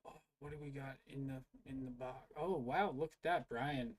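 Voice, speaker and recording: A man's voice: mid-range voice, normal speed. Profane, mocking male streamer. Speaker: streamer reacting to live videos. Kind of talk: casual live-stream commentary.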